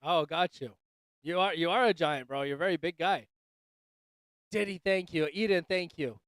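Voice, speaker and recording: A man's voice: fairly high pitch, normal speed, fairly bright tone, smooth, no room sound. A man hosting a casual livestream chat, joking loosely and swearing, calling everyone dude and bro. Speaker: livestream host. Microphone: desk microphone.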